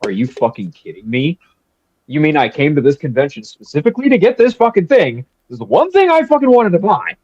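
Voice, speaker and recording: Fast-talking man, dull lo-fi mic. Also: fairly high pitch, husky, no room sound. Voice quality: animated storyteller, swears a lot. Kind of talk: casual chat.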